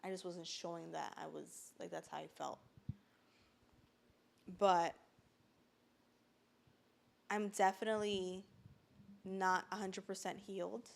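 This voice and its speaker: A woman's voice: on the low side, fairly even intonation, slow, vocal fry, pauses often. A woman speaking casually and earnestly about her own experience on a podcast, often saying "like" and at times holding back tears. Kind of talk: casual personal testimony.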